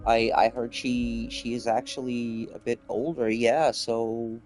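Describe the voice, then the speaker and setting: Young male streamer, slow unhurried chat, game music faint under. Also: mid-range voice, level tone, darkish tone. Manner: laid-back, rambling with fillers. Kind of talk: casual game commentary.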